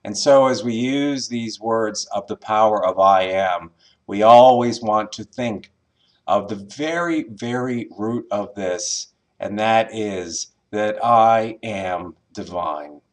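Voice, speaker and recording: A man teaching a recorded spiritual class as a minister, in a measured way with pauses and some filler words. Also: lowish voice.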